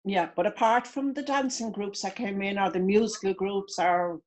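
A woman's voice: mid-range voice, moderate pace, darkish tone. A woman with an Irish accent, a guest reminiscing in a chatty way with many restarts over a video call. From Ireland. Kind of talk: video call interview chat.

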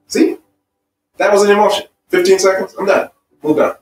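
A man's voice: sits high, normal speed, a little mellow, reverberant, recorded from a distance, soft background music, rough recording. A man teaching a marriage seminar in an emphatic, repetitive way, building points with personal stories. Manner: emphatic and repetitive, stacking phrases. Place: seminar room.

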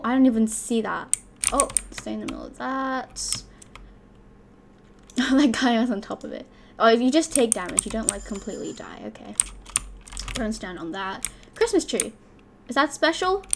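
A young woman hosting a gaming channel, giving excitable live commentary with loud exclamations as she plays. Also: fairly high pitch, unhurried, gravelly, pauses often, slight background noise.

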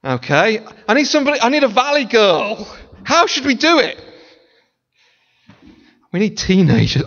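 A high-voiced man preaching with a lively, swooping delivery. He keeps it playful and chatty, slipping into mimicry of others. The recording is muffled and lo-fi, with the long echo of a large church hall. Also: normal speed, pauses often. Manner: animated, playful, breaks into sung snippets and mimicry. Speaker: pastor. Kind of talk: sermon. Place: church sanctuary. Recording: dull lo-fi sound in a large reverberant church hall.

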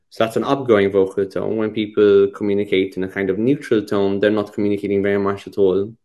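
A man's voice: lowish voice, darkish tone. A man giving a conversational teaching talk on medical communication, thoughtful, with frequent restarts and repeated words. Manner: thoughtful, many restarts and repetitions. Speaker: psychiatry lecturer.

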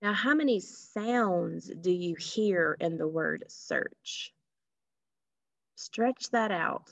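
A woman's voice: fairly low pitch, animated, extremely slow, vocal fry, dry recording. A woman teaching a phonics lesson to children, patiently stretching out sounds and asking questions. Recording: dull lo-fi recording.

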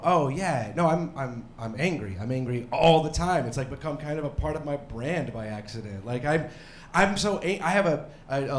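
Male stand-up comic, 30s, rambling and self-mocking, yells for laughs; roomy club sound, faint ambience. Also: fairly high pitch, a little hiss or hum. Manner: rambling, self-deprecating, bursts into mock yelling. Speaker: stand-up comedian. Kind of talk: stand-up comedy set. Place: comedy club stage.

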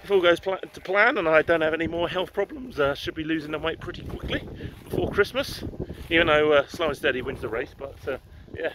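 A man's voice: a little high, brisk, fairly bright tone, a little hiss or hum. A man with an English accent, chatting casually and rambling as he walks outdoors through gardens for a vlog, with the odd swear word. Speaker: vlogger. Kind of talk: casual walking-tour vlog. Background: faint outdoor ambience with distant garden machinery.

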